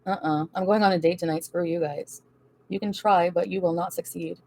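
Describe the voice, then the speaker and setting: This livestream host's voice sits on the low side: steady, gravelly, a little mellow, and fairly quick. She reads chat comments out and fires back bluntly and defiantly, swearing freely and laughing a lot.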